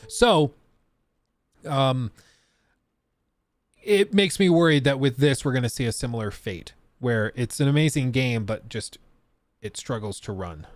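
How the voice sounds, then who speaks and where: A man's voice: mid-range voice, expressive, measured pace, long pauses, no room sound. A young man hosting a casual live stream, chatting with his viewers and laughing often. He breaks down technical details as he reacts. His voice is recorded close and dry, with no room sound.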